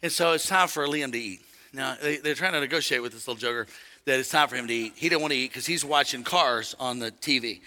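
An older man preaching a sermon, telling a family story with call-and-response and shouts at the high points. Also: fast, in a large hall. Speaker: pastor. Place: church sanctuary.

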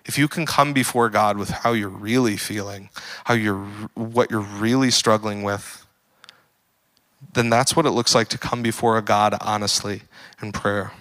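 Young guy preaching, chill and jokey, lots of likes, bright punchy voice. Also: on the low side, normal speed. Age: young adult. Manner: casual, joking, filler-heavy, rising to animated emphasis. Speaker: pastor. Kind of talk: sermon.

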